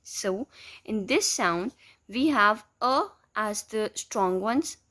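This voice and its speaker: A woman gives a lesson at an unhurried pace, her pitch sitting in a middle range. She explains step by step with patience and repeats each example word. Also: animated, fairly bright tone. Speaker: teacher.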